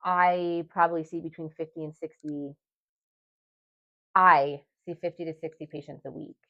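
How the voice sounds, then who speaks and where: A woman with a very deep voice co-hosts a casual podcast. She works in primary care and talks bluntly, with crude humor and plenty of swearing. The recording sounds dull and lo-fi. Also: steady tone, normal speed, fairly bright tone. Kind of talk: casual chat.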